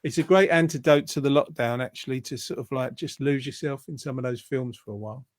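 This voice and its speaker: A man's voice: mid-range voice, fairly quick, no echo. A man hosting an online show, chatting in an upbeat way, laughing easily and reading out viewers' votes. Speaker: host. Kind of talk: casual chat.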